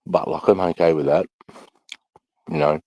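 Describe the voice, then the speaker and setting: Very deep-voiced sweary Australian man. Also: steady tone, moderate pace, warm tone, no echo, lo-fi sound. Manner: rambling, sweary, sighing between thoughts. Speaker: vlogger. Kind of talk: casual rambling monologue.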